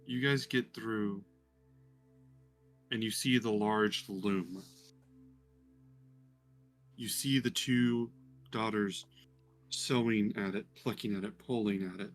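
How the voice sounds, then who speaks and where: A man narrating as game master for a tabletop game, hesitant with many pauses. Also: on the low side, fairly even intonation, soft background music. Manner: hesitant, many ums, descriptive.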